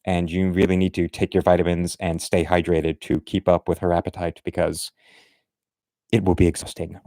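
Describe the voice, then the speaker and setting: A man's voice: sits low, little pitch movement, normal speed, mellow, no echo, clean studio sound. A man giving casual, blunt and meandering commentary on artwork, opinionated and chatty. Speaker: art commentator.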